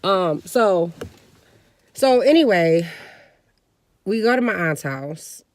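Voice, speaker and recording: Animated woman telling a family story. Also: on the low side, slow pace, dry recording. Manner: animated, slangy, laughs through stories. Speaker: vlogger. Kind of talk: casual storytelling.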